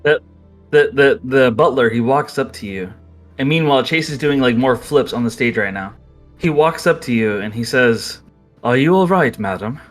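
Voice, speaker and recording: A man's voice: medium pitch, normal speed, soft background music. A man running a tabletop role-playing game as game master, narrating casually with many fillers. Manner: casual, lots of "like".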